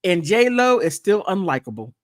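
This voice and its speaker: A woman hosting a casual livestream, chatting playfully and thanking viewers, with high laughs and quiet, sincere asides. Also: sing-song, moderate pace, no room sound, clean studio sound. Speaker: content creator hosting a livestream. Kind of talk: casual livestream chat reacting to gossip and viewer comments.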